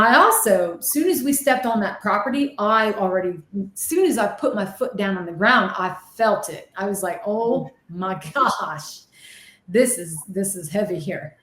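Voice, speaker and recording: In an echoey room, a woman working as a medium and ghost hunter recounts her stories during an interview with lively excitement. She speaks at normal speed in a mid-range voice, acting out remembered voices dramatically.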